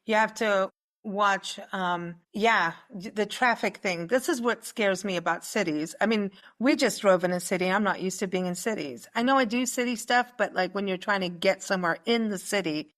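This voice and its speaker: A woman hosting a radio travel program in relaxed conversation. She chats in an easygoing way, drifting off mid-sentence and circling back to ask her guest questions. Her voice sits at an ordinary middle pitch. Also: moderate pace. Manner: chatty, asks questions, trails off and restarts. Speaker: radio show host. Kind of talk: casual radio interview chat.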